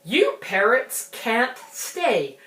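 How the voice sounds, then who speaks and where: A woman voicing a blustering male pirate captain who shoos parrots away, in a slow, loud, sing-song bellow, recorded in a roomy space from a distance. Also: on the high side, big pitch swings, voice pushed up, exaggerated voice. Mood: blustery.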